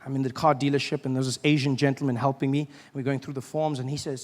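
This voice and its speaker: A man doing a stand-up comedy set, telling stories and acting out other people's voices with loud, high outbursts. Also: level tone, fast talker, in a large hall.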